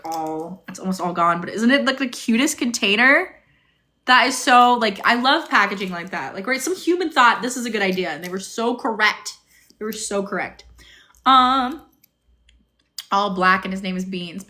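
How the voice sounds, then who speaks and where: Young woman, bright and chatty, livestream host answering comments, phone-on-tripod sound. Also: mid-range voice. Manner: chatty, bubbly, reads and answers viewer comments. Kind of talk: casual livestream chat. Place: motel room.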